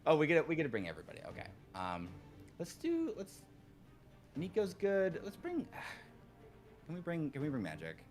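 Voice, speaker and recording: A man's voice: a little high, big pitch swings, normal speed, pauses often, faint music behind. A man hosting a game stream, chatting casually in a joking, self-deprecating way with swearing. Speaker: streamer host.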